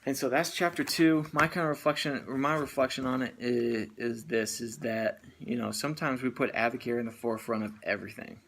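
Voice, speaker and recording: A man's voice: medium pitch, steady tone, a little fast, hardly any pauses, fairly bright tone, breathy edge. A man casually recapping a book chapter and giving motivational advice, rambling with lots of "you know" and "uh". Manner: earnest, motivational. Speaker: network marketing business owner.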